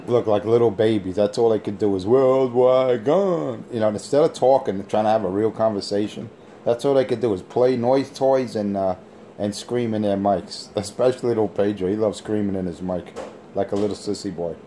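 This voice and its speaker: A man's voice: fairly low pitch, normal speed, mellow, slight background noise. Boastful, taunting man on a radio mic. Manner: boastful, taunting trash talk. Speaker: CB radio operator. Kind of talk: on-air radio banter.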